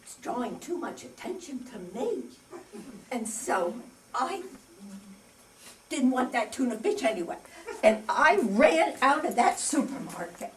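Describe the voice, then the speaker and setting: Older woman playing an eccentric bag lady, slow and indignant, high swooping voice, heard from a distant stage. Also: big pitch swings. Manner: rambling, indignant storytelling with sudden outbursts. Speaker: amateur stage actor. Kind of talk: comic stage monologue. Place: community stage before an audience.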